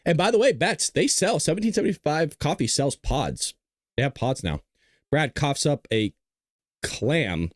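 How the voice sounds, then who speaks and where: A man hosting a live stream, talking to the chat in a blunt, casual, combative way and often clearing his throat. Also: fairly high pitch, animated, unhurried, no echo, clean studio sound. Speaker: show host. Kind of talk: livestream commentary to a chat.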